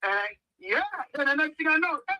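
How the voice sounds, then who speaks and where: A very high voice at a fairly quick pace carries this podcast guest's casual storytelling, as the American man in his 50s animatedly plays each character's voice. The recording is dry and rough.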